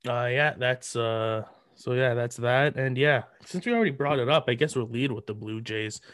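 A man hosting a sports podcast, chatting casually with halting speech and many fillers. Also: mid-range voice, fairly bright tone, dry recording, studio quality. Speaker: podcast host.

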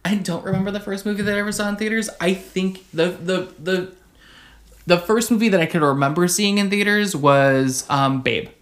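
A woman's voice: medium pitch, normal speed. A woman co-hosting a podcast, chatting enthusiastically about movies with emphatic agreement. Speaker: podcast co-host. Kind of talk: casual movie chat.

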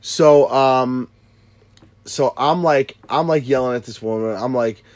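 A man's voice: mid-range voice, unhurried, a little mellow. A man in his thirties telling a story in casual chat, swearing a lot and restarting his sentences often. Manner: profane, rambling with many restarts.

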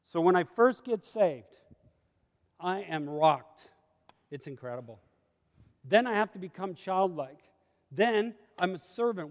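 A man preaching a sermon with passion, swinging between hushed confiding and sudden exclamations. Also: high voice. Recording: long hall reverb.

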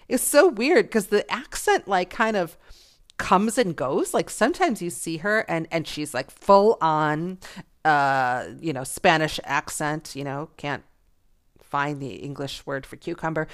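A woman's voice: deep voice, a little slow. A middle-aged woman hosting her own podcast, talking casually and chattily with frequent laughs. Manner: chatty, gossipy, laughs often, animated. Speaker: podcast host. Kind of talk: casual solo podcast monologue.

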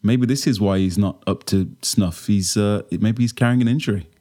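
A man co-hosting a casual fan podcast, talking haltingly with many restarts. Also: lowish voice, warm tone. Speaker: podcast co-host.

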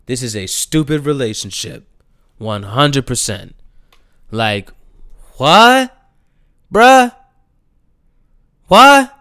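A man's voice: clean tone, dry recording, clean studio sound. Slangy, ranting man from New Jersey. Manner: animated, swings from low mutters to loud exasperated outbursts; slangy, profane street talk. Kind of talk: casual opinion rant.

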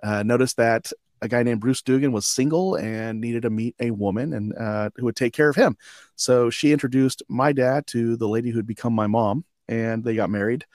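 A man's voice: medium pitch, moderate pace, a little mellow, no room sound, studio quality. A man in his forties, a podcast guest telling his life story in a reflective, loose way full of "um" and "you know". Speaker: podcast guest, combat veteran.

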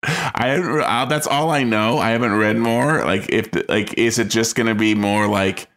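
A man co-hosting a podcast, talking in a rambling, halting way. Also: on the low side, fairly bright tone. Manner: rambling, halting speech with fillers. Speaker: podcast co-host. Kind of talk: casual chat.

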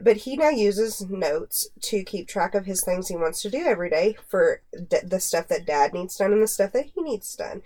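A woman hosting a podcast in casual chat, animated and quick to laugh. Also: mid-range voice. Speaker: podcast host.

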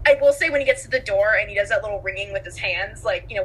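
A woman's voice: fairly high pitch, expressive, fairly quick, hardly any pauses, a bit bright, a little hiss or hum, poor audio. A young woman co-hosting a casual chat, talkative and giggly, acting out quotes from films as she talks. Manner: chatty, giggly, acts out quotes. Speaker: podcast co-host.

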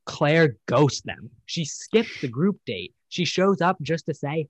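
A man's voice: a little high, expressive, measured pace, hardly any pauses, slightly rough, rough recording. A young man casually recapping a dating show as a podcast host, rambling and profane, mocking the people he quotes.

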